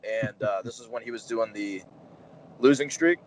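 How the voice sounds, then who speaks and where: A man in his thirties, a wrestler as interview guest, telling animated stories and acting out the dialogue with lots of fillers. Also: fairly low pitch, moderate pace, slight background noise, low-quality recording. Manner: animated anecdotes, acts out quoted dialogue, many fillers. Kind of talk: casual storytelling interview.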